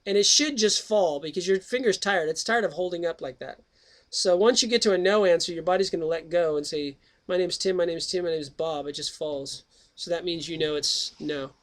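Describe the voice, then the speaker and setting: High-voiced rambling radio host. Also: male voice, fairly quick, fairly bright tone. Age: middle-aged. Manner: chatty, jokey, jumps between topics. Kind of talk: rambling casual monologue and reading aloud.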